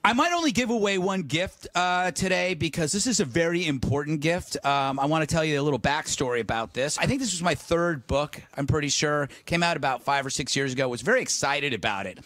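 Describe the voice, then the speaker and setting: A man's voice: a little high, lively intonation, a little fast, hardly any pauses, a bit bright, no room sound. A man hosting a late-night comedy talk show, telling a rambling story with self-mocking asides. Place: TV studio with live audience. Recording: studio audience audible. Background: audience laughter.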